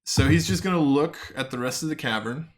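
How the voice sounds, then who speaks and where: A man narrating a tabletop game as game master, in loose, relaxed talk with fillers. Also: on the high side, fairly quick.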